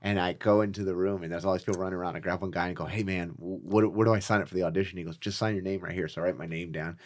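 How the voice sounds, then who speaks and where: A male comedian guest on a podcast, telling a story with lively acted-out quotes. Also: low-pitched, racing. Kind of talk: casual podcast chat.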